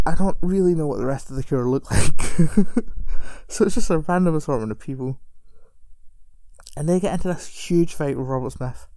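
A woman's voice: low-pitched, mellow, no echo. A woman telling a story in casual chat, rambling and self-deprecating with frequent chuckles. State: recovering alcoholic.

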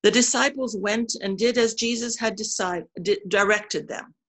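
A woman reading scripture aloud slowly and carefully, with small slips. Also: a little high, fairly bright tone. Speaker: scripture reader.

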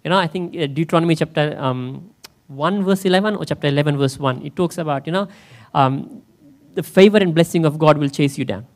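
A man's voice: fairly high pitch, brisk. A man in the role of pastor, preaching a conversational sermon in church and often asking his listeners questions. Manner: conversational, asks the congregation questions.

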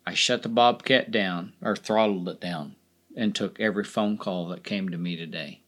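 A man's voice: lowish voice, a bit bright. A man hosting a motivational podcast in a folksy, blunt way, swearing casually and repeating phrases for emphasis. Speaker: podcast host.

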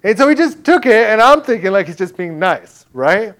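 This man's testimony of faith comes across as casual spoken storytelling, delivered in a high, fairly bright voice with big pitch swings. Chatty and peppered with "like" and "right?", it includes quick back-and-forth reenactments of what other people said.

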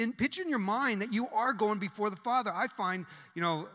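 Man preaching, high and sharp-toned, quick with lots of restarts, long hall reverb. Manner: talks fast, many restarts and repetitions. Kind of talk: sermon.

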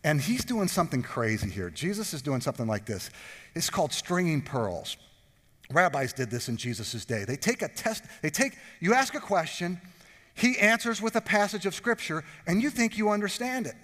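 A pastor preaching a sermon, joking and drawing the congregation in with questions. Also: male voice, a little high, very animated, moderate pace, fairly bright tone, long reverb tail. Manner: jokey, talks with the congregation.

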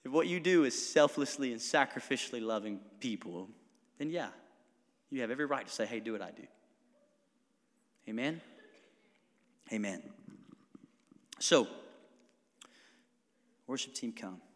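A man preaching a sermon as pastor, talking in a conversational, animated way with laughing asides. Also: medium pitch, a little slow, long pauses. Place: church sanctuary. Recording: long hall reverb.

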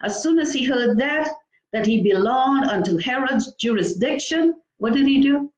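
A woman's voice: high voice, expressive, normal speed, darkish tone, echoey room, poor audio. A woman preaching a sermon, reading scripture aloud and breaking in with exclamations between verses.

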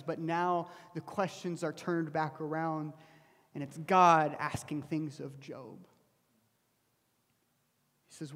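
A man's voice: fairly high pitch, in a large hall. A man preaching a sermon, telling a story earnestly and often dropping his voice to a near whisper. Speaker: pastor.

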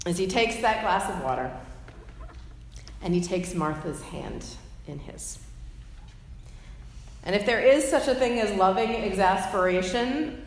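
A woman preaching a sermon, retelling a story with imaginative detail and gentle asides. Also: medium pitch, a little hiss or hum. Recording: echoey hall with faint ambience.

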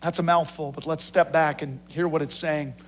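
A man's voice: a little high, fairly even intonation, normal speed. A man preaching a sermon, reading scripture and pressing his listeners with emphatic rhetorical questions. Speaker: pastor.

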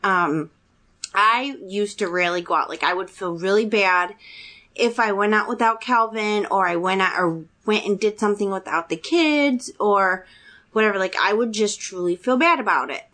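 A woman in her thirties telling a personal story in casual chat, animated and acting out quotes with a rising voice. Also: normal speed. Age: 30s. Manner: chatty, animated, acts out quotes with rising pitch.

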